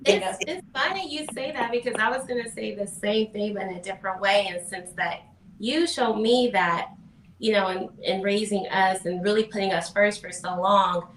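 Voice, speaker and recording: A woman's voice: mid-range voice, normal speed, far from the mic, a little hiss or hum. Woman heard from across an echoey room. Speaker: guest daughter. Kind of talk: casual panel chat.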